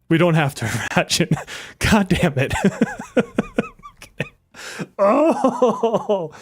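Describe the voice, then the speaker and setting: Lively, exasperated male game streamer. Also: fairly high pitch, dry recording, clean studio sound. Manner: exasperated, joking, swears and laughs often; talks to chat viewers directly. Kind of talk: live-stream gaming commentary.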